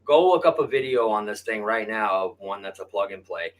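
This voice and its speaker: A man's voice: on the low side, expressive, fairly quick, low-quality recording. Blunt, foul-mouthed man at the workbench. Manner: blunt, heavy swearing, addresses viewers as "you guys". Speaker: RC hobby channel host. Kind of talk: casual profane workshop talk to camera.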